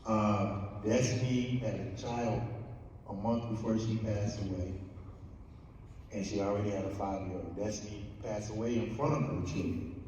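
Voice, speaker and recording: A middle-aged man speaking haltingly and plainly to students at a school assembly. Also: fairly low pitch, fairly even intonation, a little mellow, a little hiss or hum. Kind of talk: spoken talk to students. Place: large school hall. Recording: echoey hall recorded from far off.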